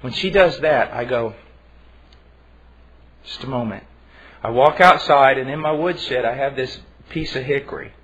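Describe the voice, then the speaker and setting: A man preaching a sermon in an earnest, emphatic way, with halting restarts. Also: medium pitch, fairly bright tone, slightly rough. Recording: dull lo-fi recording.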